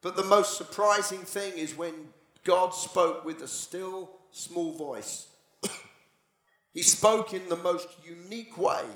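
A male pastor preaching a sermon, moving from dramatic, animated storytelling to hushed, near-whispered passages. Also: high-pitched, takes it slowly. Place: church. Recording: echoey church hall.

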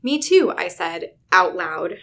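A woman's voice: fairly low pitch, slow pace. A woman in her thirties, a podcast co-host reading a book passage aloud with playful character voices in a casual chat. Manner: animated, giggly, does voices while reading.

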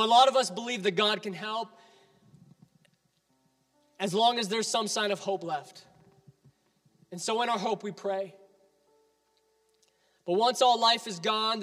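A man's voice: high-pitched, normal speed, pauses often, fairly bright tone, in a large hall, faint music behind. A man preaching a sermon as pastor, emphatic and building with repeated appeals.

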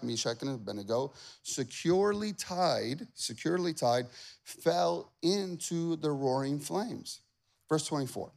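A man preaching a sermon, reading scripture aloud with acted-out voices, jumping from loud emphatic lines to quiet asides. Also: mid-range voice, creaky. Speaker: pastor.

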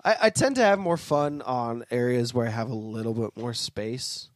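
A man's voice: mid-range voice, normal speed, dry recording, clean studio sound. A man co-hosting a podcast as a guitarist, rambling in casual chat with frequent swearing. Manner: rambling, swears and laughs a lot.

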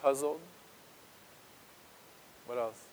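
A man preaching a sermon as pastor, earnest and emotional, with dramatic pauses and drops to a hush on key words. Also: medium pitch, slight background noise. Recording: long reverb of a large hall.

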